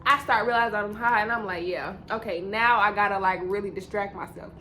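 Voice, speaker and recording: A woman's voice: medium pitch, steady tone, brisk, sharp tone, slight background noise. A young woman telling a rambling, slang-filled story in a casual storytime vlog, often repeating herself. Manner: rambling, repetitive slang-heavy storytelling with laughs.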